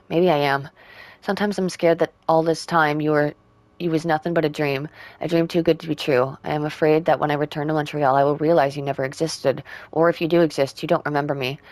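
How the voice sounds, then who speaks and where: A woman playing a puzzle game, reading in-game letters aloud and working out clues with quiet asides. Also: low voice, dry recording. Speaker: game streamer.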